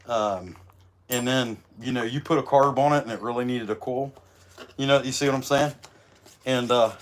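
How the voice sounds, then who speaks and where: Folksy man, slightly rough voice from illness, rambling livestream host talking while he works. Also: medium pitch. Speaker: chainsaw carver hosting a livestream. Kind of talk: casual livestream chat while working.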